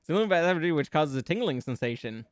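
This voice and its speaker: A man streaming as a VTuber chats casually with his viewers, brainstorming song lyrics, giggling often and stammering through restarts as he playfully riffs with chat. His voice is a little high, expressive and quick, recorded with studio quality and no echo.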